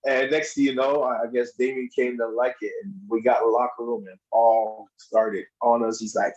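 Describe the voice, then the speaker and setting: A man telling wrestling stories as a podcast guest, in a casual, animated way, acting out other people's lines in a raised voice and laughing often. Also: mid-range voice, normal speed, muffled recording. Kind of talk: casual storytelling.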